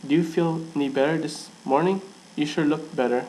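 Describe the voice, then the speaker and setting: A man's voice: fairly high pitch, steady tone, fairly quick, darkish tone, slight background noise, pitched above the performer's own voice, lightly acted, poor audio. A man voicing a bubbly, party-loving pony mare in a storybook reading. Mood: eager.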